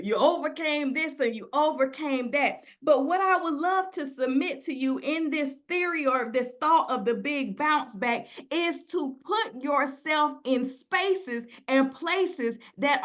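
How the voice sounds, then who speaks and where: A woman's voice: high-pitched, a bit bright. A woman preaching a sermon in a conversational style that builds to emphatic, rising delivery. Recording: dull lo-fi sound.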